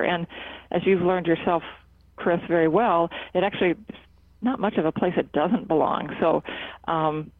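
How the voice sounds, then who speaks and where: A psychotherapist who runs a laughter club at a cancer center answers interview questions earnestly and in a measured way, with lots of fillers and restarts. The voice is medium-pitched with fairly even intonation, heard over a dry, tinny, phone-like line.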